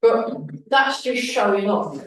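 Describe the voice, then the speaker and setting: A woman's voice: medium pitch, slow pace, a little hiss or hum. A woman leading a beginners' tai chi class, calling breathing cues and chatting between movements. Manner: calm breathing cues mixed with chatty asides. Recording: very echoey hall, mic far off.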